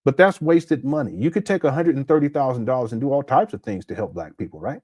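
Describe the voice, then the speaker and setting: A man's voice: mid-range voice, expressive, fast, a little mellow, dry recording, muffled recording. A man hosting a critical livestream commentary, reading chat aloud and breaking into laughter, his throat sore. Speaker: commentary host.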